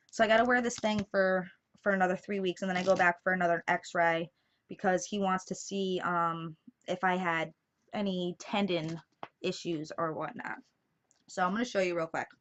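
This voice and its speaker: A young woman vlogging casually to camera, telling a story in a chatty way with lots of fillers. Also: on the low side. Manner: chatty storytelling, many fillers, laughs through it. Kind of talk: casual vlog chat to camera. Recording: slightly dull lo-fi sound.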